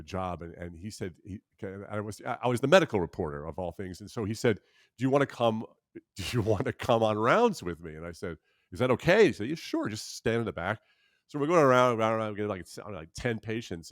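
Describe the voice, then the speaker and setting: A man in his sixties, speaking at a fairly low pitch, is a guest in a candid interview, recorded dry and clean in a studio. He tells stories animatedly in a halting way, restarting often and putting on voices for the people he quotes.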